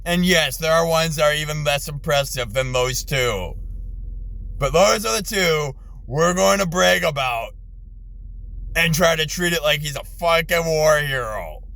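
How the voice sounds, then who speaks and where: A middle-aged man, an army veteran, in an angry, profane rant from his car, exasperated, his voice jumping high when he yells. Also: a little slow, creaky, low-quality recording. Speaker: ranting vlogger, army veteran.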